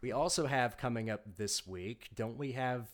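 A man's voice: medium pitch, normal speed. A man guesting on a podcast in casual chat, laid-back and slangy, who swears freely.

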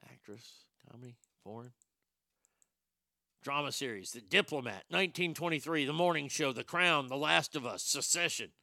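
A man's voice: medium pitch, normal speed, creaky, pushed and bright, no echo. A man in casual, rambling commentary, sarcastic and profane as he thinks aloud.

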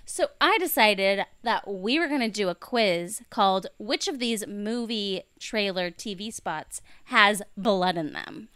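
A woman's voice: medium pitch, unhurried, hardly any pauses, clear, resonant tone, no room sound. A woman co-hosting a casual podcast, reading out research with jokes and running a quiz. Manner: animated, reads research aloud with jokes. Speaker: podcast co-host.

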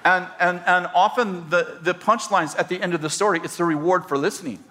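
A man's voice: high voice, brisk, noisy background. A man preaching a humorous sermon as a pastor and marriage counselor, telling stories and acting out the people in them. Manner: storytelling, animated, acts out quoted people.

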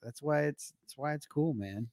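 Excitable man saying "dude" a lot. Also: on the high side, normal speed, no echo, clean studio sound. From South Carolina, US. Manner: enthusiastic, excitable, says "dude" and "man" often. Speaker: podcast co-host. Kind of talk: casual chat.

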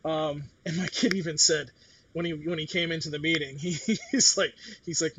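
A man's voice: on the high side, steady tone, a little fast, bright, forceful tone, a little hiss or hum. A middle-aged man in casual chat, talking bluntly with swearing and acting out what others said. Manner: blunt, swears, acts out quotes.

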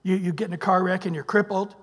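A male pastor preaching a sermon, emphatic, swinging from loud bursts to hushed near-whispers and prompting the congregation with "what?". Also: high voice, fairly even intonation, fast talker, long reverb tail. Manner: emphatic, calls out "what?" for the congregation to fill in verses. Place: church sanctuary.

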